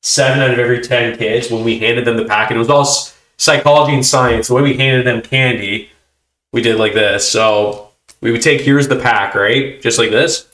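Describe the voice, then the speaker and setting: A man hosting a casual chat, telling stories with animated voices for the people in them. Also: medium pitch, moderate pace, roomy sound. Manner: animated storytelling, acting out kids' reactions. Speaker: host.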